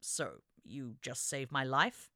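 A woman voicing a stiff gentleman officer who speaks in clipped, muttered, restrained lines. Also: a bass voice, lively intonation, slow, dry recording, studio quality, voice pushed down, full character voice. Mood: exasperated.

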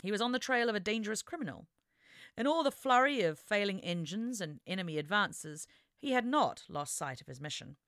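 As an audiobook narrator, a woman reads an adventure story aloud with dramatic, expressive storytelling in scripted narration. Her mid-range voice moves fairly quickly, captured in a dry, studio-quality recording.

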